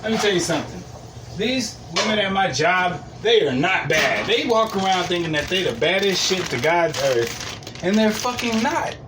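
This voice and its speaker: A man's voice: sits high, expressive, moderate pace, noisy background. A man hosting a podcast, telling rambling, profane stories and laughing at them. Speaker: podcast host. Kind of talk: casual storytelling monologue. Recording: loud hip hop music behind the voice.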